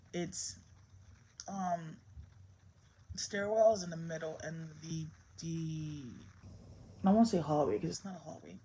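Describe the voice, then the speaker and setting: A woman's voice: lowish voice, dark tone, a little hiss or hum, rough recording. Stern mother talking to camera. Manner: scolding, stern and emphatic with her child. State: emotionally strained. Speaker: mother and vlogger. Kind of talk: candid vlog talk to camera.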